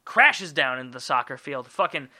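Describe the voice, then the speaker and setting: Bright-voiced rambling man. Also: medium pitch, expressive, moderate pace. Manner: rambling, profane, jokey. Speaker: podcast host. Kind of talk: casual solo monologue.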